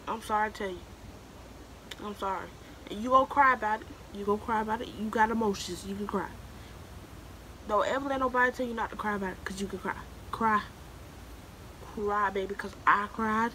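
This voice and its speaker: A woman's voice: a little high, fairly bright tone, a little hiss or hum, low-quality recording. A young woman in her late teens giving casual, emphatic advice to the camera, repeating herself for emphasis and calling the listener "baby". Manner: emphatic and preachy, keeps calling the viewer "baby". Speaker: vlogger giving advice to new students.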